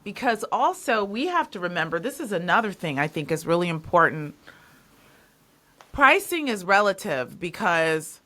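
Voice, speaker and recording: A woman's voice: fairly low pitch, sing-song, moderate pace, bright, forceful tone. A woman hosting a podcast interview, talking in an emphatic, casual way and repeating words when she stresses a point. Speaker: podcast host.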